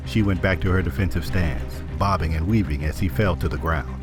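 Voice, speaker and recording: Male audiobook narrator, very low pitch, measured and even delivery, faint music bed. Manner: measured, steady storytelling. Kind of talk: scripted narration.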